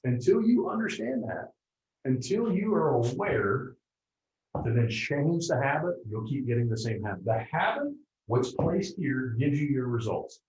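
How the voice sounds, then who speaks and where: Animated man in an echoey room. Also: mid-range voice, unhurried. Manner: animated, keeps checking in with the audience. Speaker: motivational speaker. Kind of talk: motivational seminar talk to a live group. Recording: roomy, dull lo-fi room recording.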